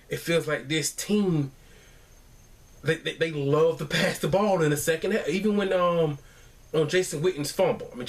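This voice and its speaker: A man giving a casual football recap at home in a rambling, exasperated way, with many restarts. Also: a little high. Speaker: fan commentator.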